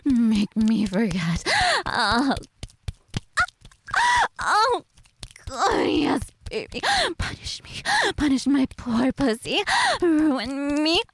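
A woman performing an erotic audio role-play, breathy and moaning, swinging between hushed whispers and sudden cries. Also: high-pitched, animated, slow pace, slight background noise.

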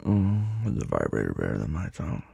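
Gravelly, very husky commanding man. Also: rumbling low, wildly swooping pitch, a little fast, warm tone, dry recording, highs cut off. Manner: commanding and teasing; drops to a whisper at times. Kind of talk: dominant audio role-play.

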